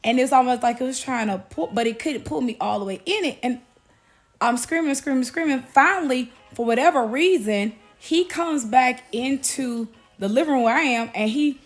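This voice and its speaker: Animated young woman telling a testimony. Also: high voice, normal speed. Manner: animated, talks straight to viewers, keeps insisting she is not kidding. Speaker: Christian testimony vlogger. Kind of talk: casual spoken testimony to viewers.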